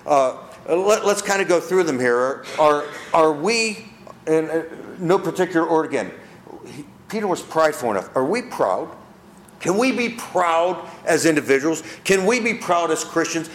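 A man's voice: a little high, lively intonation, normal speed. A man preaching a sermon, asking his listeners rhetorical questions. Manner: asks the audience rhetorical questions; acts out quoted people in character. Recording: echoey room.

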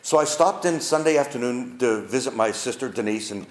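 A man's voice: medium pitch, animated, brisk. Older male pastor telling a heartfelt story. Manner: heartfelt, emphatic, repeats phrases. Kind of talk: storytelling sermon. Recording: roomy echo.

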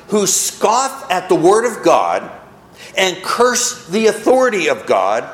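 A man's voice: high voice, a bit bright, reverberant. A man preaching a sermon to a congregation, leaning into emphatic phrases. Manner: preaching with rising emphasis, mocking quotes. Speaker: pastor. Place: church.

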